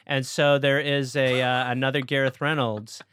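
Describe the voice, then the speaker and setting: A man's voice: mid-range voice, flat delivery, moderate pace, fairly bright tone, clean tone, no room sound, clean studio sound. A man talking as a comedian guest in casual podcast banter, wry and rambling.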